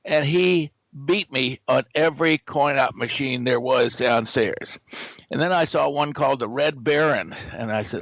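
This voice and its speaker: Older man, lively storyteller, dry close sound. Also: medium pitch, measured pace, gravelly, dry recording, low-quality recording. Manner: animated storyteller who acts out quoted dialogue. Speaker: guest, game company founder. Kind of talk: anecdotal storytelling.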